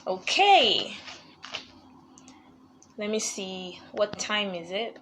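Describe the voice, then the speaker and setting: A woman's voice: fairly high pitch, lively intonation, drawn-out words, pauses often, a bit bright, slight background noise. Chatty, laughing woman host on a live stream. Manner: chatty, laughs often, upbeat. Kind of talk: casual live-stream chat greeting viewers.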